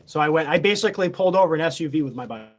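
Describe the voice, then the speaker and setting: A man's voice: fairly high pitch, animated, racing. A man telling a story in a casual, boastful, heavily profane, rambling way.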